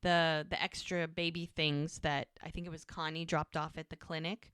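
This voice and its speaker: Lower-voiced woman recapping a show. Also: normal speed, clear, resonant tone, no room sound, studio quality. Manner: animated storyteller, acts out quoted lines. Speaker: podcast co-host. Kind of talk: casual recap chat.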